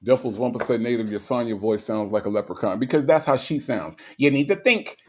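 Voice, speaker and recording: Brief: male channel host, mocking commentary, mid-pitched, hammers words by repeating them. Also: lively intonation, a little fast, few pauses, darkish tone.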